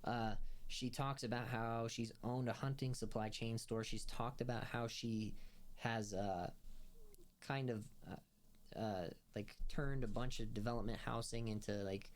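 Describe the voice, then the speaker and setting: Man, mid-pitched, casual review chat, rambling recap, lots of ums and likes. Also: fairly even intonation, unhurried. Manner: rambling recap full of fillers and restarts; laughs while retelling scenes. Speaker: film review podcast host.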